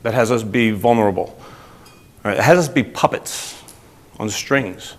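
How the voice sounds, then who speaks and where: A man's voice: lowish voice, measured pace. A man with a New Jersey accent giving a motivational talk to a group, often asking the audience questions. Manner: energetic, asks the audience questions. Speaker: speaker.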